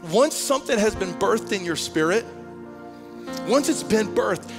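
A man preaches to his congregation, his voice sitting high for a man. He tells the story with building energy, pushing toward shouts at the peaks. The sound carries a long church-hall reverb with faint music underneath. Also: unhurried. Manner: animated storytelling, rising to shouts. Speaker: pastor. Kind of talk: sermon. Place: church sanctuary.

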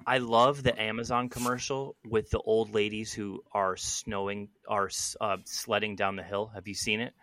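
A man hosting a podcast, talking casually in a relaxed way with some fillers. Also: on the low side, moderate pace, few pauses, no echo. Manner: relaxed, easygoing, uses fillers. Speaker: podcast host.

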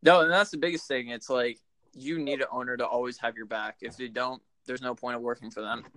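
A man in casual podcast banter, telling crude jokes with easy confidence. He speaks at an average pitch. The sound is dry and close. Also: fairly even intonation, a little fast, pushed and bright, no room sound. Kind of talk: casual chat.

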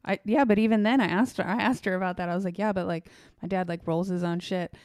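A woman's voice: on the low side, steady tone, fast, darkish tone, no echo. Profane young woman telling stories. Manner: loose, profane storytelling. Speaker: podcast co-host. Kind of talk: casual chat.

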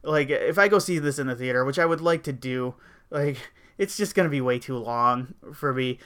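Bright-voiced man ranting casually. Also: medium pitch, moderate pace, clear, resonant tone. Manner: rambling, wry complaining with frequent fillers. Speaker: podcast host. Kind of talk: casual opinion chat.

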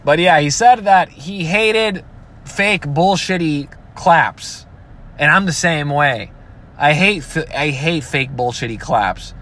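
A man with a fairly high voice rants casually and profanely, swearing freely and slipping into mocking imitations of other people. He sounds like he is talking inside a vehicle, with car noise behind him. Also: expressive, slow pace, a bit bright. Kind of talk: casual rant.

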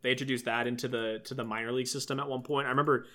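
A man's voice: medium pitch, fairly even intonation, racing, bright, forceful tone. A man co-hosting a casual sports podcast, rambling with many restarts. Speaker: podcast co-host.

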